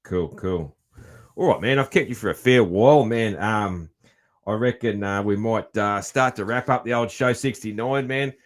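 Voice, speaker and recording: A man's voice: fairly low pitch, normal speed. A middle-aged Australian man hosting a podcast, chatting casually and swearing freely. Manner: laid-back, swears often, says man a lot. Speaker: podcast host. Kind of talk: casual chat.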